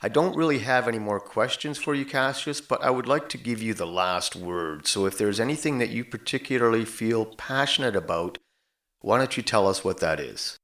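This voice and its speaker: A man's voice: mid-range voice, lively intonation, normal speed, fairly bright tone. A man hosting an interview podcast, asking questions in a friendly, conversational way. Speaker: podcast host.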